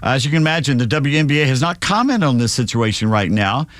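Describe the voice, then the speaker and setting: A man's voice: mid-range voice, expressive, quick pace, a bit bright, dry recording. A man hosting a live radio show, reading sports and news items with sardonic jokes.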